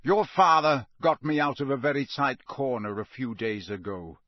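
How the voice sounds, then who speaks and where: A man reading aloud, voicing a gruff, scarred old male wizard teacher who speaks in a blunt growl. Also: medium pitch, moderate pace, bright, forceful tone, no echo, close to an everyday voice.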